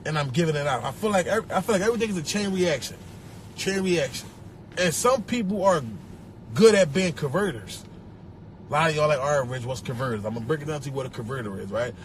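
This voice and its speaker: A man with a Philadelphia accent ranting on a phone livestream, animated and profane, mocking people in a put-on voice. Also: high-pitched. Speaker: social media personality. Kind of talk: livestream rant. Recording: phone livestream with faint background noise.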